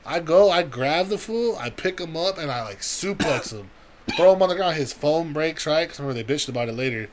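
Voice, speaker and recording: A man's voice: a little high, animated, fairly quick. A young man telling a long, profane story on a podcast in casual chat, acting out the people he quotes. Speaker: podcast co-host.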